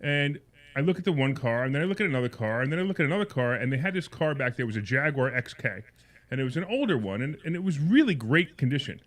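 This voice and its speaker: Fast-talking man telling a rambling story. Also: mid-range voice, big pitch swings. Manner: rambling anecdote, repeats words and restarts; grows heated and indignant as he tells it. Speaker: radio talk show host. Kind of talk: casual storytelling on a call-in show.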